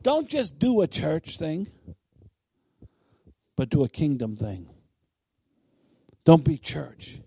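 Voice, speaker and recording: A man preaching a sermon with a high, ringing voice. He builds to bold, emphatic declarations, then drops into quiet, conversational asides to the congregation. The sound is dry and close. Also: wildly swooping pitch, slow pace, gravelly, pauses often, husky, no room sound.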